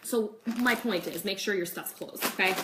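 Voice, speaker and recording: At an ordinary pace and with a voice in the middle range, a young woman demonstrates a recipe casually at home, chatting to viewers. Her speech is full of "like" and "okay," and the kitchen recording carries echo and faint noise.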